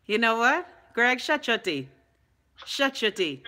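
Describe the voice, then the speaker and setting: A woman's voice: a little high, very animated, a little slow, sharp tone, slight background noise. A middle-aged Bahamian woman co-hosting a show, chatting casually with a sassy, bossy teasing manner. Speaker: radio co-host. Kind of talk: casual chat.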